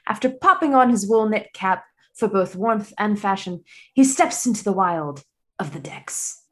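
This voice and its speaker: A woman putting on a British accent to play a nature-documentary narrator, telling a scene with measured, dramatic delivery. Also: medium pitch, lively intonation, lightly acted. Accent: British (put on).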